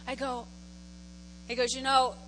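A woman's voice: high-pitched, level tone, measured pace, sharp tone, slight background noise, poor audio. A middle-aged woman pastor preaching a conversational sermon in a church, telling stories animatedly and repeating phrases for effect. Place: church sanctuary.

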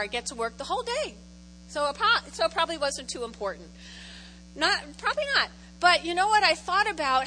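A woman's voice: high-pitched, sharp tone, slight background noise, poor audio. A middle-aged woman pastor preaching a conversational sermon in a church, telling stories animatedly and repeating phrases for effect. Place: church sanctuary.

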